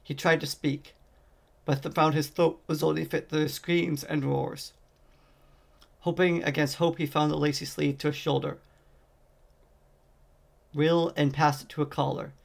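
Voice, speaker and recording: A man reading a fantasy novel aloud as an amateur audiobook narrator, in a steady, measured way. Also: a little high, creaky. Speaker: audiobook reader.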